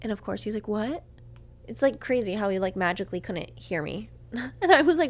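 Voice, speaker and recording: A woman's voice: on the high side, fairly quick, a little mellow. A young woman hosting a podcast, telling a heated personal story, swearing often and acting out what others said. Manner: heated, swears a lot, acts out quotes. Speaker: podcast host. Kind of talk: storytime monologue.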